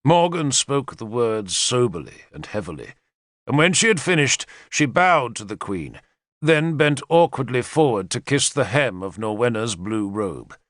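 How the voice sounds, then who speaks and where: A man reading a historical novel aloud as narrator, in a measured first-person storytelling manner. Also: medium pitch, no echo, studio quality. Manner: measured storytelling with lively intonation. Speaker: audiobook narrator.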